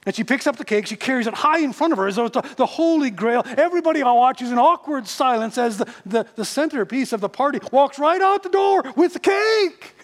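A man telling a story in a sermon, animated and often repeating words. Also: very high voice, fairly quick, in a large hall.

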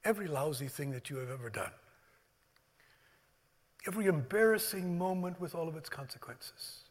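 A man preaching and leading communion, swinging from loud emphasis to hushed, near-whispered words. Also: a little high, animated, moderate pace. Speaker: pastor. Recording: long hall reverb.

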